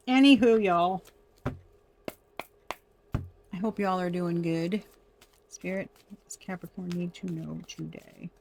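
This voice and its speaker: A woman doing a casual tarot reading for viewers, chatty and quick to laugh. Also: mid-range voice, a little mellow. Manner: chatty, laughing often, addresses viewers as y'all. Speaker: tarot reader.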